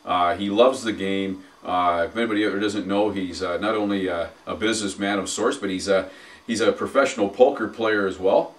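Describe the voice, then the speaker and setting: A deep, low-pitched man chats about sports in halting bursts, with fillers between his phrases. He sounds set back from the microphone. His energy rises as he talks up the coming season. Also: fairly even intonation, distant mic. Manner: halting, many fillers, builds hype. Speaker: podcast co-host and arena announcer. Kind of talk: casual sports chat.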